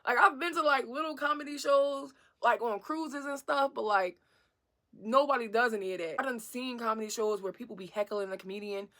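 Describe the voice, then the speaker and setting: A young woman telling a casual storytime, animated and swearing freely, laughing as she goes. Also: on the high side, a little fast.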